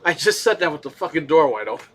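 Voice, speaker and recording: A man hosting a live gaming stream, ranting in a heated, profane way, swinging between low muttering and loud outbursts. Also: sing-song, fast talker. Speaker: gaming podcast host.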